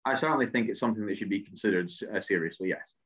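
A man's voice: on the low side, rapid-fire, fairly bright tone, husky, lo-fi sound. A politician answering interview questions earnestly, often repeating words as he searches for them. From Scotland.

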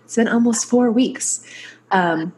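A woman's voice: on the high side, slow pace. Woman, podcast co-host, stuffy nose, chatty, laughs easily, faint hiss. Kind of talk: conversational podcast chat.

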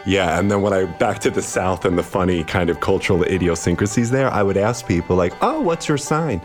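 A woman's voice: a bass voice, steady tone, fairly quick, music in the background. A woman guest telling a wry, laughing story in casual conversation. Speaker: podcast guest.

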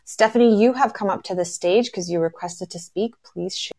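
A woman's voice: medium pitch, normal speed, mellow. A woman hosting a live podcast event on stage, speaking in a reassuring, conversational way. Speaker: podcast host.

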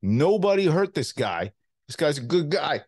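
A man's voice: on the high side, very animated, normal speed, a little mellow, husky, heavily acted. A man doing an impression of a well-known actor as a protective, insistent older man who keeps repeating himself.

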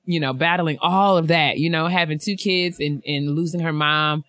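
Podcast lady reading fan emails, super bright voice, bounces up high when she laughs, real dry close mic. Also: moderate pace, dry recording. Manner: animated and laughing, big pitch jumps when excited. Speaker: podcast co-host. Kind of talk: casual podcast chat, reading listener emails.

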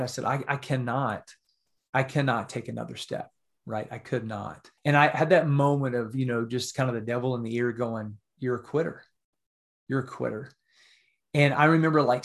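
A middle-aged man telling a story on a podcast, his voice sitting at an ordinary middle pitch. He talks in an earnest, heartfelt way and checks in with his listener now and then. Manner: earnest, emotional storytelling with frequent "right?" asides. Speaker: podcast guest, author.

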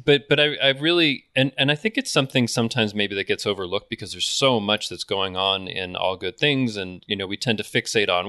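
Bright-voiced, self-deprecating man chatting. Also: lowish voice, a little fast, hardly any pauses, no echo, clean studio sound. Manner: enthusiastic, self-deprecating, many restarts. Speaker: podcast co-host. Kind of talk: casual chat.

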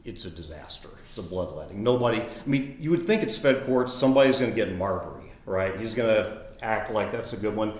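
A man in his fifties, a lawyer, giving a conversational lecture that mixes law with personal anecdotes and bursts into high mimicry of his old professor. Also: expressive, fairly quick. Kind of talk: lecture with storytelling. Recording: roomy echo.

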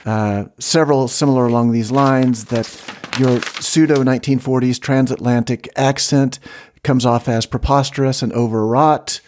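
A man with a mid-pitched voice co-hosting a comedy podcast. His delivery is dry and mock-serious as he builds absurd bits with his partner. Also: moderate pace, a little mellow, a little hiss or hum. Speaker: podcast co-host. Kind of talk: comedic improvised podcast banter.

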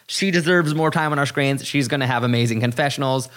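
A man hosting a podcast, talking in animated, exasperated, profane bursts that leap up high. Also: fast. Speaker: podcast host. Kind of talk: casual podcast commentary.

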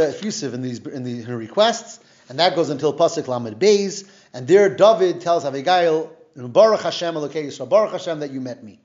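A man's voice: fairly high pitch, darkish tone. Man teaching a Bible class, lo-fi. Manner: retells the story conversationally, weaving in Hebrew terms and explaining them. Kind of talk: casual Bible lesson, retelling and explaining verses.

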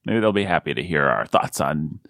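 A man's voice: brisk, vocal fry, no room sound, studio quality. A man hosting a casual podcast, joking and laughing often. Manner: jokey, animated, big pitch swings, laughs often. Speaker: podcast host. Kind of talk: casual chat.

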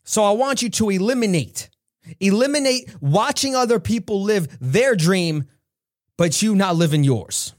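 Man from New York, motivational podcast host, high voice, earnest, preachy, laughs a lot. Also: expressive, unhurried, dry recording, studio quality. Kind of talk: motivational talk.

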